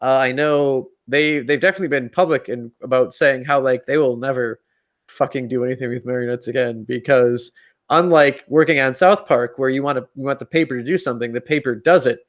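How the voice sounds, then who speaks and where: A man's voice: medium pitch, brisk. A man co-hosting a casual podcast, rambling with lots of "like" and restarts. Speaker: podcast co-host. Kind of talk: casual chat.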